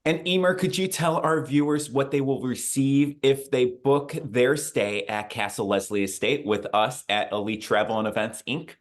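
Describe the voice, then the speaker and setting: A man's voice: medium pitch, normal speed, few pauses. A man hosting a travel interview, upbeat and chatty with a promotional tone. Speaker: travel show host.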